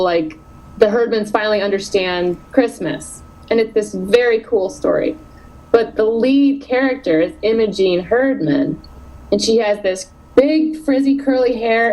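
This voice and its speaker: A woman author in her thirties chatting in an interview, animated and quick to laugh. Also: fairly high pitch, rough recording. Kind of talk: casual interview chat.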